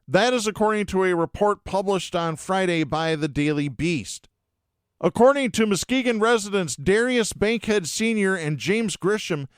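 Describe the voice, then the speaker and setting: Male podcast host, sarcastic news reader with indignant asides, bright clean tone, dry sound. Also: high-pitched, smooth, no room sound. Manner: sarcastic, indignant asides between read stories. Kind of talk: reading news stories with commentary.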